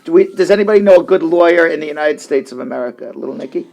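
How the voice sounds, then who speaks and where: A man's voice: fairly high pitch, rapid-fire, vocal fry, a little mellow. A middle-aged man, an immigration attorney and show host, bantering casually on a radio talk show and often restarting his sentences. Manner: chatty, joking, restarts sentences.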